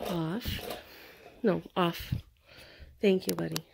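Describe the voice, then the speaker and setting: A woman's voice: on the low side, fairly even intonation, slow, vocal fry, a little mellow, a little hiss or hum. A woman training a dog at home at night, mixing coaxing praise with firm short commands. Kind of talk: casual talk to a dog at home.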